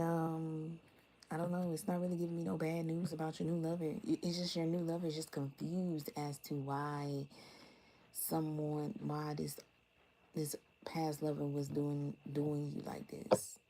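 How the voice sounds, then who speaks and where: A young adult woman doing a casual tarot reading for her viewers, blunt, animated and full of swearing. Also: sits low, a little slow, a little hiss or hum, rough recording. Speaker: tarot reader.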